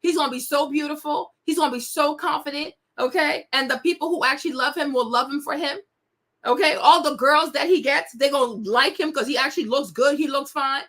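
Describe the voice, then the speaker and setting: Here a young woman fronting a celebrity gossip program talks briskly to her viewers in a high, fairly bright voice. Her casual commentary carries a sassy, indignant edge.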